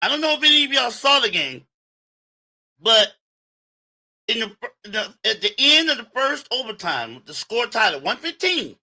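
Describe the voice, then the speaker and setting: A man hosting a sports livestream, breaking down games in an emphatic, animated way and talking straight to his viewers. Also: very high voice, normal speed. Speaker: sports show host.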